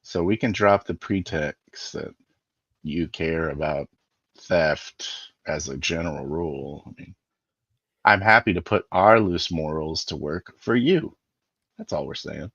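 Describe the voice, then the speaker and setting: A man's voice: very deep voice, a little slow, fairly bright tone, husky, no echo, dull audio. A man playing his character in a tabletop game, persuasive and haggling, with fillers. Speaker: player. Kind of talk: in-character tabletop role-play.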